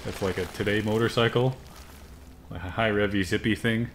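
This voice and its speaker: A man's voice: on the low side, steady tone, normal speed, noisy background. A man co-hosting a gaming podcast, making dry teasing jokes and laughing along. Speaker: podcast co-host watching and advising. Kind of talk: casual gaming chat.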